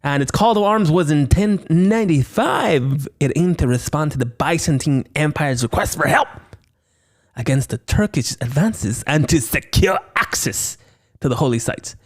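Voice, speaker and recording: Solo podcast host, male, higher-pitched, very lively delivery, playful and chatty. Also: moderate pace. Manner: playful, lively, slips into silly voices and banter with himself. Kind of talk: solo horror movie review podcast.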